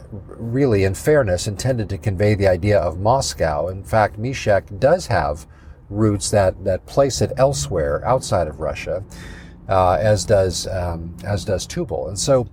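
Low-voiced pastor, halting and measured. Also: male voice, darkish tone, a little hiss or hum. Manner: measured, thinking aloud with frequent fillers and restarts. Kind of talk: teaching a Bible prophecy study.

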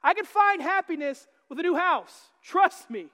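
A male pastor delivers a sermon in a church sanctuary, his voice pitched unusually high. He teases the congregation with jokes and lifts to shouted emphasis on his main points. Long reverb hangs in the hall around him. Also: animated, normal speed. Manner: joking and teasing, rising to shouts.

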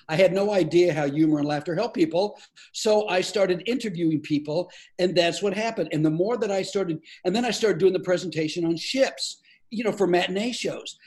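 High-voiced, playful older comedian man. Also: fairly quick. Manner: playful, animated storyteller with frequent laughs. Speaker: comedian guest. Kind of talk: storytelling in a podcast interview.

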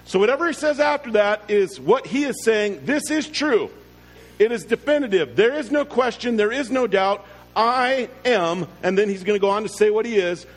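A pastor preaching an earnest sermon, slowing down to stress key words. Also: male voice, high-pitched, expressive. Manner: earnest preaching with slow, drawn-out emphasis. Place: church. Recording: long reverb with faint music.

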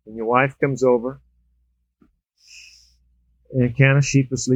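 A man preaching a sermon, telling humorous everyday stories with animated swings in pitch and loudness. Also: measured pace, pauses often, no echo. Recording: dull, lo-fi dry recording.

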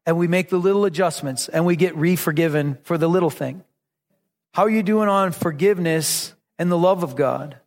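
A man in his forties delivers a sermon with a high-pitched voice. His preaching is earnest and emphatic yet conversational. A long reverb trails behind his words.

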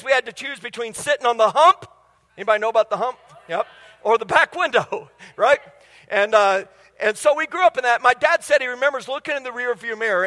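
Middle-aged male pastor, very high and sharp, humorous storyteller, church hall reverb. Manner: humorous storytelling, quizzing the congregation. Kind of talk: sermon. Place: church sanctuary. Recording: long reverb of a large hall.

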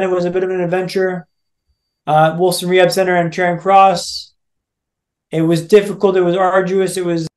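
A man with a fairly high voice tells a personal story to a podcast host. He builds tension by repeating phrases in a steady rhythm, like a practised motivational speaker.

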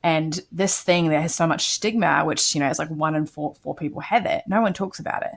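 A woman's voice: sits low, a little fast, gravelly, slightly rough. A woman who is a podcast guest, speaking candidly and earnestly with frequent fillers. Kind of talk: candid interview talk.

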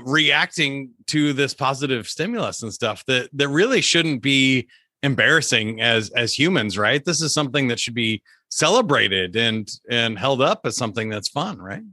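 A man's voice: mid-range voice, sharp tone, dry recording, studio quality. A man hosting a casual podcast interview, speaking in a friendly, encouraging way. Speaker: podcast host.

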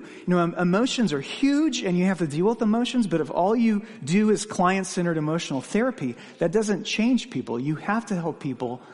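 A man's voice: high-pitched, a little mellow. Man preaching in a reverberant hall. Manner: questioning, earnest, personal anecdotes. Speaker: pastor. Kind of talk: sermon.

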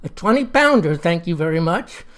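A man's voice: a little high, big pitch swings, moderate pace, a bit bright. A narrator voicing a smug, self-important older man who boasts in a folksy way.

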